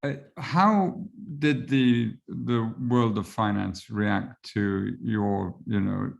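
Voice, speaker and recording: A man's voice: fairly low pitch, extremely slow, vocal fry, muffled recording. A man moderating a panel conversation, hesitant, with many fillers and restarts.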